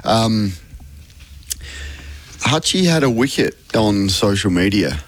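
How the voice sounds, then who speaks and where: A man's voice: fairly low pitch, animated, takes it slowly, husky. A man, a sports radio commentator telling stories in casual on-air chat.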